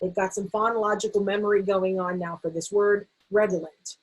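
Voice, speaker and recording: A woman teaching a vocabulary lesson to camera, saying the word slowly and sounding out its syllables. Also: mid-range voice, steady tone, low-quality recording. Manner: slow, stretched-out word repetition. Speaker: literacy teacher.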